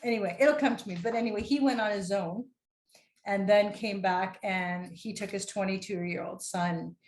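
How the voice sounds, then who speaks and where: A woman's voice: medium pitch, normal speed. A woman in casual conversation, speaking enthusiastically and stopping now and then to search for a word. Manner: enthusiastic, searching for words mid-sentence. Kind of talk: casual chat. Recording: echoey room.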